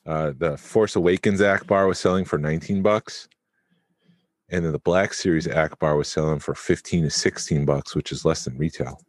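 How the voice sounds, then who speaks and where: A man's voice: rumbling low, moderate pace, no room sound, studio quality. A man co-hosting a podcast, chatting casually and thinking aloud with fillers. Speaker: podcast co-host.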